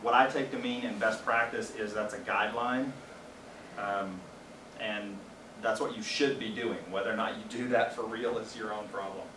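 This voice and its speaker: A man's voice: lowish voice, steady tone, normal speed, noisy background. A man giving a casual training presentation to a small group, explaining things plainly with wry asides. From Louisiana. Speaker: faculty trainer. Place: training room with a small audience. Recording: roomy echo, distant mic, faint ambience.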